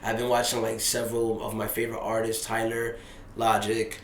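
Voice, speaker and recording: A young man, a rapper being interviewed, telling a story in casual, animated fashion, dropping low and hushed and then rising loud and excited. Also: moderate pace, a little hiss or hum. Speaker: rapper guest. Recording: roomy echo.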